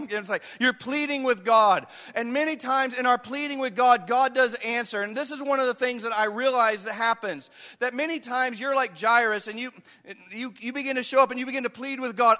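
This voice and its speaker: A man's voice: very high-pitched, a little fast, sharp tone. A man preaching a sermon with drama, acting out the voices of Bible figures and of his listeners. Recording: echoey hall.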